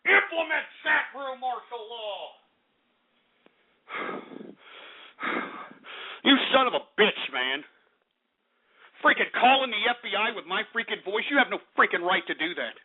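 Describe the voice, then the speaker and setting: A man's voice: high-pitched, very animated, normal speed, pauses often, slightly rough. A man hosting a radio show, ranting angrily, cursing and repeating himself. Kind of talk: angry on-air rant. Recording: tinny phone-like sound.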